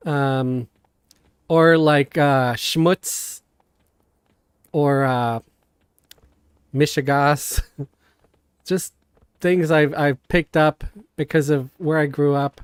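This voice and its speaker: A man's voice: a little high, clear, resonant tone, no echo. Chatty New man streaming a game. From Queens, New York. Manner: halting, many fillers and restarts, animated. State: coughing now and then. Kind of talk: casual live-stream chat. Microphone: desk mic, sometimes knocked.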